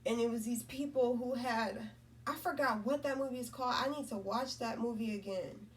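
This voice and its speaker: Woman, spiritual vlogger, loose rambling delivery, higher voice, recorded a little far off. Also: normal speed, slight background noise. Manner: rambling, repeats herself, lots of "right?" and "you know?". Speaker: spiritual content creator. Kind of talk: casual spiritual talk to camera.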